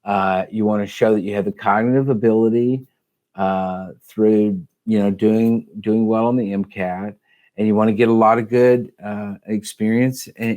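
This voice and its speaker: Low-voiced man giving admissions advice. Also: darkish tone. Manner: measured, explanatory, with frequent fillers. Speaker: medical school admissions advisor. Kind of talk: casual advice podcast chat.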